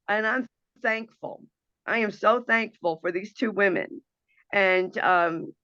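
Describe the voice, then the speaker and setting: A woman's voice: mid-range voice, fairly bright tone, no echo, highs cut off. A woman hosting an internet radio talk show, speaking in an earnest, emotional and impassioned monologue over a video call.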